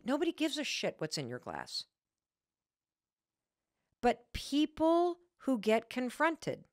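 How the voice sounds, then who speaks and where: Woman podcast host, low-ish voice with big pitch swings, emphatic and candid, dry close sound. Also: no echo. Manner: emphatic, repeats key points, self-mocking storyteller; candid with mild profanity. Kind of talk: motivational talk.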